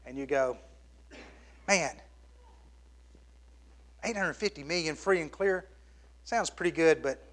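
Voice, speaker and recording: A middle-aged pastor preaches a sermon, swinging from loud exclamations down to hushed, near-whispered lines. His pitch is fairly high, and he takes it slowly with long pauses.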